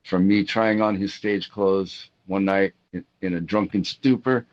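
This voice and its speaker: A middle-aged man with a fairly low voice tells casual, rambling stories in an interview. He restarts often, leans on fillers, and animates the people he quotes. The audio is dull and lo-fi. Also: fairly even intonation, measured pace, a little mellow. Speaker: rock guitarist interviewee.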